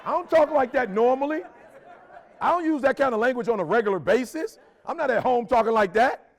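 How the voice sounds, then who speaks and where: Brief: middle-aged man, very high-pitched voice, motivational speaker from Detroit, urgent preachy delivery, slangy, hammers points by repeating them. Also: animated, a little fast, a faint crowd. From Detroit, Michigan, USA. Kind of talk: motivational speech to a live audience.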